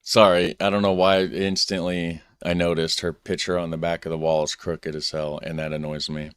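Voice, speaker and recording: A man's voice: deep voice, little pitch movement, normal speed, a bit bright, smooth, dry recording. An American man hosting a reaction video, rambling in a laid-back, chuckling way. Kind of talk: casual commentary.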